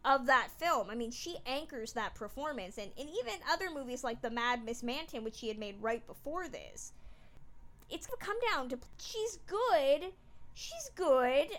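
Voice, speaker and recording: A woman co-hosting a podcast, chatting casually about an old film, animated and emphatic, sometimes laughing as she talks. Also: fairly high pitch, normal speed. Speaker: podcast co-host.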